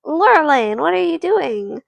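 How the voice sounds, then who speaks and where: A woman's voice: high voice, very animated, measured pace, vocal fry, no echo, voice pushed up, exaggerated voice. A woman voicing a cheeky little brother in a doll play story. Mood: teasing. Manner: teasing, timid when scolded. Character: scrappy cheeky little boy.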